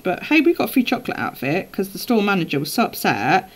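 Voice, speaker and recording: A woman's voice: medium pitch, sing-song, quick pace, rough recording. Chatty woman telling stories. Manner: chatty anecdotal storytelling, laughs often. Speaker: live-streaming bullet journal vlogger. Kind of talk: casual chat while journaling.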